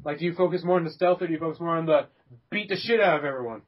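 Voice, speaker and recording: A young man hosts a casual gaming podcast with a somewhat high, husky voice. He rambles through his points with fillers, restarts and laughter. The recording is dull and lo-fi. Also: rapid-fire. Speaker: podcast host.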